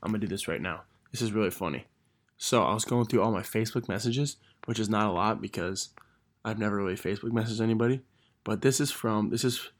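A young man hosting a casual podcast, rambling and self-deprecating as he reads old messages aloud. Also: on the low side. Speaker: podcast host.

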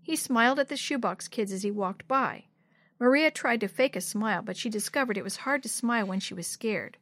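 A woman narrating a children's storybook in a clear, expressive reading voice. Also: fairly high pitch, a little fast, no room sound, studio quality.

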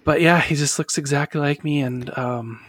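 A middle-aged man, a guest on an interview, telling a personal story in an earnest, halting way with soft laughs. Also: fairly high pitch, steady tone, no echo, clean studio sound.

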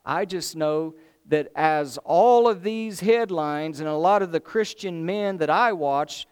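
A man preaching a sermon in an animated way, swinging from excited bursts to low, slow emphasis. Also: clear, resonant tone.

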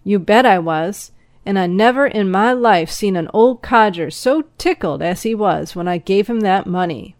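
A woman voicing a jovial male moonshiner friend who talks in a loud, folksy, encouraging way, in a storybook reading. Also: mid-range voice, expressive, normal speed, no echo, studio quality, close to an everyday voice.

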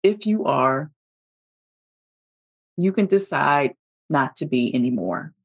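A woman's voice: deep voice, lively intonation, husky. A woman hosting a motivational podcast, talking heartfelt and emotional, calling her listeners y'all as she coaches them. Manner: heartfelt, emotional, slow deliberate emphasis. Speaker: podcast host and business coach.

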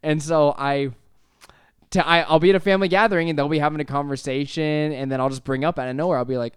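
A young man hosting a casual podcast, telling stories with lots of laughs and animated voices. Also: on the high side, quick pace, smooth, no echo, studio quality. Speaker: podcast host. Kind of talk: casual chat. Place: apartment.

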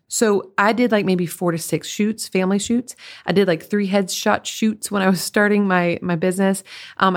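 A young adult woman hosting a podcast, talking through her photography business in a chatty, animated way with quick asides. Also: medium pitch. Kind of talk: casual solo podcast talk.

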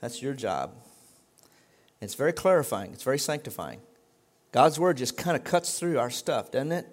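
A man's voice: medium pitch, expressive, moderate pace. A middle-aged male pastor preaching a sermon in a conversational way that swells into emphatic exhortation.

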